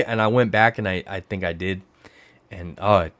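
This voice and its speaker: A man from the Bay Area of California hosting a livestream, chatting casually and rambling, his voice jumping up high when he gets excited. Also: moderate pace, no room sound. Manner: rambling storyteller who jumps to high excited exclamations. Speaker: livestream host.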